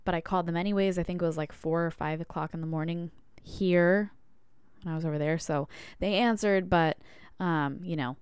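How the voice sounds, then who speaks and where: A woman's voice: fairly low pitch, fairly even intonation, brisk, darkish tone, clean tone, dry recording, studio quality. A woman hosting a podcast, telling a personal story in a candid, chatty way with lots of fillers. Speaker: podcast host. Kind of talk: casual storytelling monologue.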